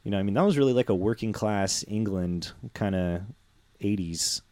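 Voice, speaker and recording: A man's voice: fairly low pitch, moderate pace, a little mellow, no room sound. A tired man talking casually as a guest, rambling with lots of fillers and restarts. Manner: rambling, full of fillers and restarts, laughs easily. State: tired from little sleep. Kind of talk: casual chat.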